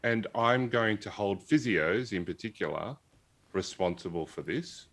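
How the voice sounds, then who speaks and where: A man, a physiotherapist guest in an interview, answering in a measured, reflective way. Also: on the low side, fairly bright tone.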